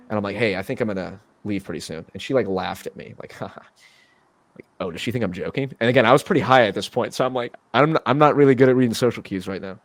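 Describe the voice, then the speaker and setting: With a lowish voice and a bit of background noise, a young man hosts a casual podcast. He's in his twenties and meanders through a story, often restarting and using plenty of fillers.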